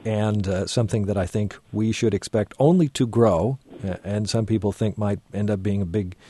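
A man hosting a radio talk show, speaking in a measured, thoughtful way. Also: lowish voice, warm tone, slightly rough. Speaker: radio host.

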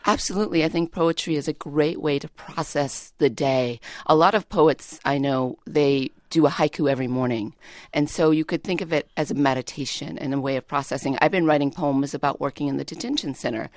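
A woman poet with a low, dry studio voice talks eagerly as a radio guest. She explains poetic rhythm with enthusiasm and reads short poems aloud. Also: brisk, a little mellow, dry recording.

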